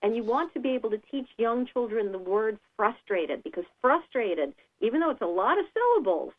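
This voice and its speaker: A woman giving calm, patient advice on children's feelings in a radio interview, sometimes acting out a child's words. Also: brisk. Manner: calm, explanatory, acts out children's lines in a higher voice. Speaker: guest expert on child behavior. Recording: tinny phone line.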